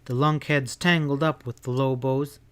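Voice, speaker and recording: A man's voice: mid-range voice, fairly even intonation, normal speed, fairly bright tone, clean tone, natural voice. A man voicing a fiery, defiant young cowgirl with a throaty voice in a western audiobook. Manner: curt, defiant. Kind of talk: audiobook character voice.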